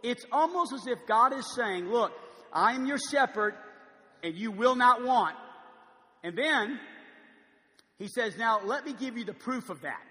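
A man's voice: very high-pitched, bright, forceful tone, in a large hall. A man preaching a sermon in a large church, conversational, with frequent stammered restarts. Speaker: pastor.

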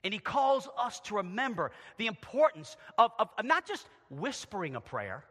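A middle-aged man preaching a sermon as pastor in a church, moving from quiet, intimate asides to loud, shouted emphasis. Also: sits high, sing-song, normal speed. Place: church sanctuary. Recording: long church reverb.

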